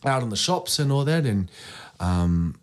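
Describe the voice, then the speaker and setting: A man in his thirties with a voice of middle pitch tells a family story on a podcast. He is playful and acts out what he said himself. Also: very animated, a little slow. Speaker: podcast co-host. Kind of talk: casual storytelling chat.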